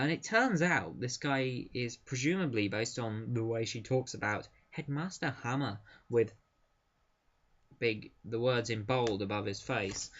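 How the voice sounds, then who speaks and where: A man's voice: medium pitch, a bit bright, muffled recording. A man casually reviewing a comic book, enthusiastic and chatty, with frequent ums and uhs.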